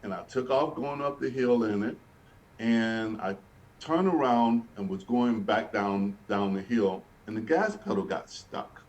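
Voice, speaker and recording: A man's voice: fairly low pitch, unhurried, a little mellow. A man, earnestly telling his life story as an interview guest and often repeating and restarting phrases. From Birmingham, Alabama, US. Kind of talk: personal storytelling in a sit-down interview. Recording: voice picked up from a distance.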